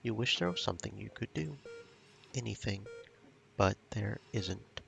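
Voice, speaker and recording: A man streaming a game, reading its story text and dialogue aloud at a slow, somber pace. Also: lowish voice, expressive, vocal fry, soft background music. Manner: reads story text with quiet, somber pacing. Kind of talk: narrating and voicing game dialogue.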